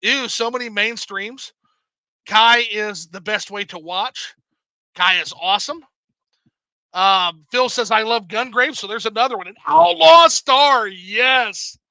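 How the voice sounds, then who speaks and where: Male streamer host, high and very bright, dry sound, animated and profane. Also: slow pace, no echo, low-quality recording. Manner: animated, swears freely, laughs often. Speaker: livestream host reading chat. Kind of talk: casual livestream chat.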